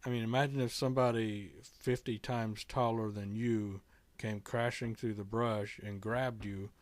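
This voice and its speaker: A middle-aged man casually telling a story to camera in a halting, earnest way, often restarting his sentences. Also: on the low side, fairly even intonation, dry recording. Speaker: vlogger telling a kitten rescue story.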